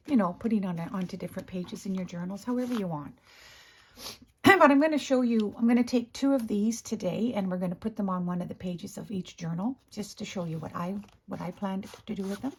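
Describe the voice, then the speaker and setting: A woman with a hoarse morning voice, chatting casually as she shows her craft work, often clearing her throat and correcting herself. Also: medium pitch, fairly quick. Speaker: craft video host. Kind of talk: casual crafting show-and-tell.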